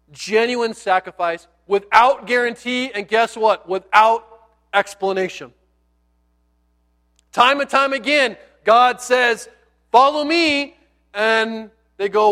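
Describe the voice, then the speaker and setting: A male pastor with a high voice preaches slowly, telling stories in a conversational, animated way with playful asides. On key words he drops almost to a hush.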